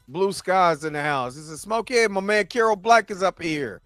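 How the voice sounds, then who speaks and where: A laid-back man hosts a livestream and chats casually with his viewers, his voice sitting fairly high. He is recorded on a dry, close mic with faint music playing underneath. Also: animated, moderate pace, a bit bright, no echo. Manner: laid-back, chatty, often laughing and trying voices. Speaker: livestream host reading chat.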